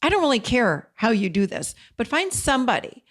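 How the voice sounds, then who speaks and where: Slightly high and a little quick, with big swings in pitch, this podcast host and codependency coach gives advice in an earnest, straightforward way. She chats freely, sprinkles in "you know," and mixes in stories from her own life.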